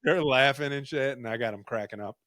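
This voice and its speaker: A young man hosting a podcast, telling a story in a casual, animated, profane, jokey way. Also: medium pitch, fairly quick, dry recording, studio quality. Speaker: podcast host.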